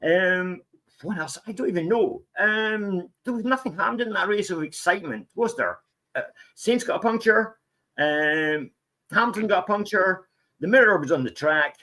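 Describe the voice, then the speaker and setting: A man guest-hosting a casual racing chat, his rather high voice swinging up and down as he rambles. He jokes his way through the recap and fills gaps with ums and uhs. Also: animated, normal speed, pushed and bright. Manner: rambling and jokey, with many fillers. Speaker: guest host. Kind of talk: casual sports commentary chat.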